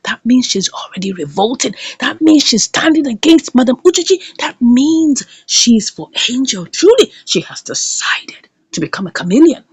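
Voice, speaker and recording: Woman reviewer, high and lively, breathy edge, dramatic scene-by-scene retelling. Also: normal speed, hardly any pauses, dry recording. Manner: dramatic retelling, acting out characters' quotes. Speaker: series reviewer. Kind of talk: recap commentary.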